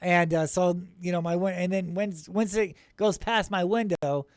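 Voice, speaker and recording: A man hosting a paranormal channel, narrating his own video footage in an excitable, rambling way, with many restarts and chuckles, and scoffing at skeptics. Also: high voice, moderate pace, no room sound, clean studio sound. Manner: incredulous toward skeptics.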